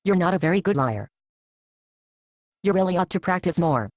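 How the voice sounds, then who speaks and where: A woman's voice: lowish voice, lively intonation, moderate pace, dry recording, lightly acted. A woman acting as a frank churchgoing friend who counsels with blunt, dry teasing in an amateur Bible drama. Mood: matter-of-fact.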